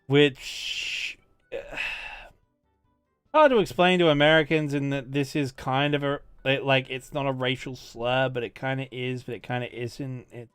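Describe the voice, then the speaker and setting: A man's voice: medium pitch, fairly even intonation, measured pace, a bit bright, smooth, dry recording, soft background music. An Australian man hosting a let's play, a little tipsy, rambling and restarting as he explains things to his audience. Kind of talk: casual game commentary.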